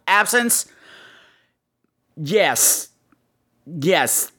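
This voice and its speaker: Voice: mid-range voice, animated, slow pace, pauses often, bright, forceful tone. A podcast host giving a blunt, profane film review, acting out scenes with exaggerated voices. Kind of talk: casual ranting film review.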